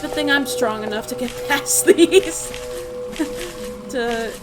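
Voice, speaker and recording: A woman giving casual commentary while playing a horror game, over loud game music. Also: high voice, a little slow. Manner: chatty, giving asides and laughing. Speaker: gaming channel host. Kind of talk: let's play commentary.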